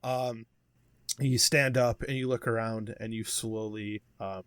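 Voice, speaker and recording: A man narrating as game master of a tabletop wrestling game, relaxed and explanatory, with many fillers. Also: on the low side, a little slow, clear, resonant tone, dry recording.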